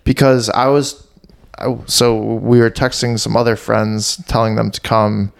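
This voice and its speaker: Young podcast host, casual and playful, rambles and restarts, gravelly fry in the voice. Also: medium pitch, little pitch movement, measured pace.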